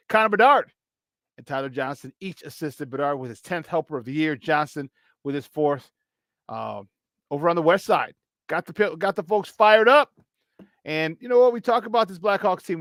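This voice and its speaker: Male sports-radio host with a high pitch and a jokey, animated, laugh-prone delivery, on a dry close studio mic. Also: no echo. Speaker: sports talk show host. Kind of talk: casual sports talk.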